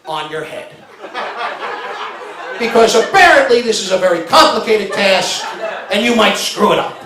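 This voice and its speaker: A middle-aged man doing a stand-up comedy routine, telling a story and acting out shouted arguments. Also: sits high, very animated, moderate pace. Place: stage before a live audience. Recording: roomy live venue sound.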